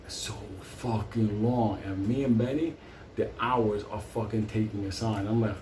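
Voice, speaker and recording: A man's voice: on the low side, steady tone, a little slow, noisy background. A man telling a long comic story from his life, rambling and swearing constantly. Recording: roomy, distant mic.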